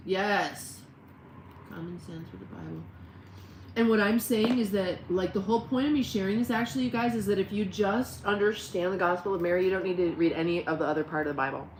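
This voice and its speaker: A woman's voice: medium pitch, echoey room, background noise. A woman hosting a casual live stream, rambling and talking to her dogs and her chat. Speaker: livestream host.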